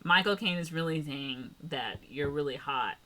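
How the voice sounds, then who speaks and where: A woman's voice: deep voice, normal speed, bright, forceful tone. A woman co-hosting a podcast, cutting in with dry, sarcastic one-liners. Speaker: podcast co-host. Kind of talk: casual chat.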